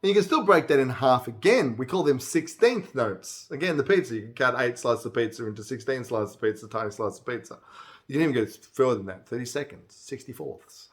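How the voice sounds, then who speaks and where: Relaxed man counting out beats. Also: medium pitch, fairly quick. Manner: rambling, with restarts and fillers. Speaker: songwriter teaching music theory. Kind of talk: casual music theory lesson.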